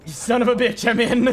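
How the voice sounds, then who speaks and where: A man streaming a video game live, talking through his play with excitable commentary and frequent swearing. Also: extremely high pitch. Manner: excitable, swears often, shouts at enemies.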